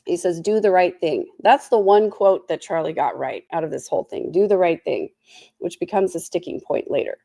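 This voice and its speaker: A woman recaps a court case in casual commentary, her voice lowish, mellow and dark. She sounds tired, with a sore throat, and drops snarky, sarcastic asides. The sound is close and dry. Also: normal speed, gravelly, no echo. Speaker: trial recap host.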